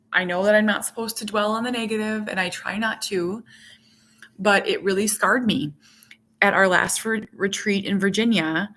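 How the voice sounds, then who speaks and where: A middle-aged woman chatting on a live stream in a casual, rambling way, answering viewer comments. Her voice sits at an ordinary middle pitch for a woman, relaxed and conversational. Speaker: vlogger hosting a live stream.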